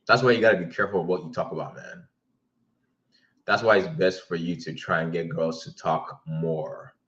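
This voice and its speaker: A man's voice: low-pitched, steady tone, moderate pace, a bit bright, highs cut off. A man hosting a casual livestream, telling dating stories in a blunt, profane way. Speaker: livestream host giving dating advice.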